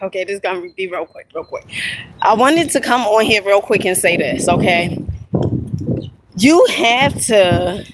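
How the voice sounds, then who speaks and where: At an outdoor lookout, an inspirational video creator films a motivational vlog on her phone. Her mid-range voice is emphatic, peppered constantly with "okay?" and "honey," plus bursts of excited whooping. Background noise is audible.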